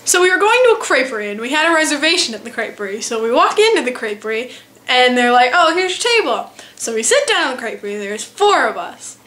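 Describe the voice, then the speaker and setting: A teenage girl vlogging, telling a funny travel story in a casual, animated, self-mocking way. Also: high voice, quick pace. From United States. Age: teens.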